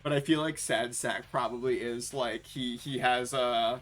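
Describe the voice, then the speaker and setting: A man hosting a livestream in casual chat, animated and profane, laughing often and restarting his sentences. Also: medium pitch, unhurried, soft background music. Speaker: streamer, host.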